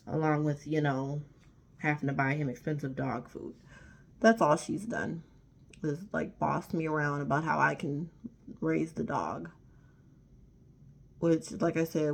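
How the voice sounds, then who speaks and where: A woman's voice: low-pitched, creaky, a little mellow. A woman vlogger telling a storytime rant to camera, emphatic and indignant, often repeating herself.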